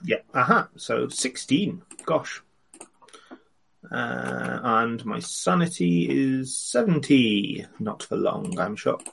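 A man playing a tabletop game, speaking in a wry, hesitant way with many ums and pauses. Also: mid-range voice, lively intonation, creaky, a bit bright, a little hiss or hum. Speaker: player. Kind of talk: casual tabletop game chat.

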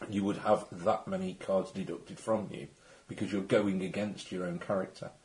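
A man's voice: low-pitched, flat delivery, normal speed, a little mellow, rough recording. A man running a tabletop game, explaining rules and recapping the story in a rambling, chatty way. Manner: rambling, chatty, frequent restarts. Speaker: game master.

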